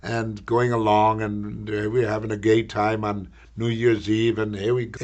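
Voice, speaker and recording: An older man, an actor, recalling a film shoot in a rambling, halting interview anecdote, repeating words as he goes. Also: lowish voice, level tone, darkish tone.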